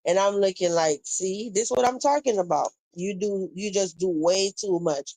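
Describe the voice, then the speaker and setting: A woman's voice: mid-range voice, moderate pace, warm tone, no room sound, rough recording. Chatty woman on a dry live stream. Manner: chatty, reacting to viewer comments and retelling gossip. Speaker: livestream host. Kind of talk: casual live-stream commentary.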